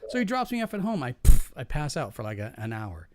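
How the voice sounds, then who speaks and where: A man's voice: mid-range voice, wildly swooping pitch, a little fast, no room sound. A man in a casual podcast chat, telling profane, rambling stories from his jobs with frequent restarts and laughing at his own punchlines.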